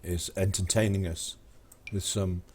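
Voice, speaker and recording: Streamer, male, low and mellow, meandering joke-teller, lots of ums and restarts, faint hiss. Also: flat delivery, measured pace. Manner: rambling, hesitant with many fillers and restarts. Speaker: live-stream gamer. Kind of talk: casual live-stream chat, telling jokes.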